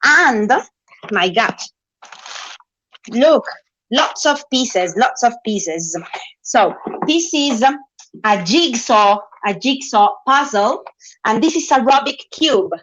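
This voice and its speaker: Slow, patient woman teaching English online. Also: a little high, expressive, a bit bright, a little hiss or hum. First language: Spanish. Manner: slow, patient, coaxing, with drawn-out words. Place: home room on an online video class. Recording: dull lo-fi video call audio.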